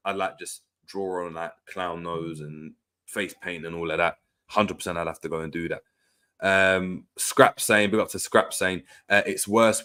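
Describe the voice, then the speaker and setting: Guy on a live stream, kinda low voice, reading out chat n reacting with lots of slang. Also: a bit bright. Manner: reads viewer comments aloud and reacts, repeating phrases with slang. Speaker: livestream host. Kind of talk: casual livestream chat.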